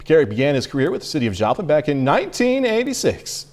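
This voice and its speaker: A man anchoring a local evening newscast, reading stories with lively delivery and joking asides. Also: on the high side, fast. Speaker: news anchor.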